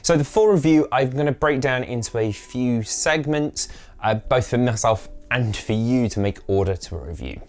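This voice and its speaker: A man delivers a structured review, breaking things into segments and explaining each one clearly. His voice is at an ordinary middle pitch, steady and informative. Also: normal speed. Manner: orderly, explanatory, spec-heavy. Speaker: tech reviewer.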